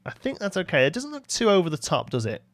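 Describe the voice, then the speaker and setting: A man's voice: sits high, wildly swooping pitch, fast, dry recording. A man with a Brummie accent chatting casually on a live stream while he builds, reading viewers' messages and answering them. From West Midlands, England. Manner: chatty, reads chat aloud and answers viewers.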